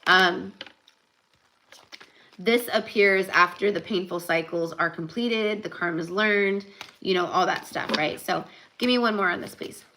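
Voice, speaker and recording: A young woman giving a live tarot reading, chatty and rambling, full of fillers, slowing down to stress spiritual points. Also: fairly low pitch, pushed and bright, a little hiss or hum, low-quality recording. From California. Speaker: tarot reader.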